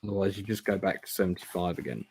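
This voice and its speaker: A man's voice: sits low, flat delivery, fast talker, darkish tone, a little hiss or hum. A man hosting a live gamebook playthrough, reading aloud and making chatty, self-deprecating asides. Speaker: host playing a gamebook live. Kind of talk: casual live-stream narration. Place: indoor room.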